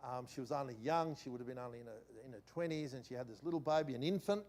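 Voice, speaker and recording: A middle-aged man, a pastor telling a personal story in a sermon, animated and shifting between loud and quiet. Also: medium pitch, racing. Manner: animated anecdote-telling with swings in loudness.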